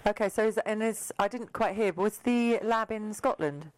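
A woman's voice: medium pitch, normal speed, low-quality recording. A woman hosting a casual studio chat on the radio, chatty and teasing, laughing often. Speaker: radio host.

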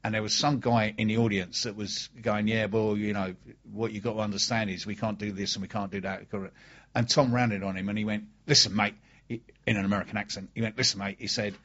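A man's voice: fairly low pitch, little pitch movement, fairly quick, highs cut off. A man hosting a casual radio chat show, enthusiastic and fond of telling stories. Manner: chatty, enthusiastic, storytelling.

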